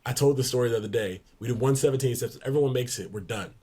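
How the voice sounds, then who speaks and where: A young man in his twenties, a podcast guest, telling lively locker-room anecdotes in a casual way, laughing along. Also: mid-range voice, fast talker, breathy edge. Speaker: podcast guest, pro basketball player. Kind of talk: casual storytelling in a sports podcast.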